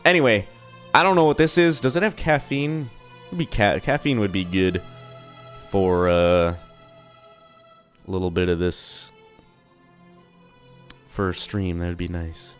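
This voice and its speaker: With faint music in the background, a young man rambles through a casual live-stream chat from his desk at home, swearing loosely and joking at his own expense. He talks a little slowly, leaving long pauses, his somewhat low voice sounding slightly sick.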